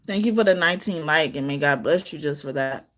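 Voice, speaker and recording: A woman with a slightly low voice gives a tarot reading on a live stream. Her talk wanders and restarts often, with laughs slipped in between sentences. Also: a bit bright. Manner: loose, rambling speech with many restarts. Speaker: tarot card reader.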